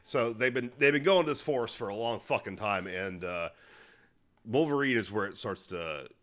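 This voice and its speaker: Bright-voiced rambling podcast man. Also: on the low side, lively intonation, moderate pace. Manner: rambling, stumbling restarts. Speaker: podcast co-host. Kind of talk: casual chat.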